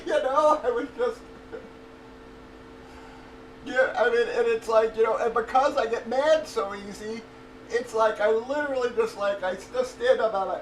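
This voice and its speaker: High-voiced middle-aged man, casual profane venting, heard from across an echoey room with faint background noise. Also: unhurried, long pauses. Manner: profane, blunt, laughs often. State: undergoing cancer treatment. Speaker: livestreamer. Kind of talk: casual chat. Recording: roomy echo, distant from mic, faint noise.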